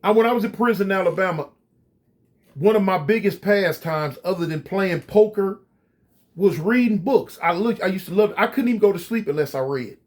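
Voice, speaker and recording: A man casually telling a story straight to his viewers, animated and full of slang. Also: high-pitched, brisk. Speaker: storyteller recounting prison life.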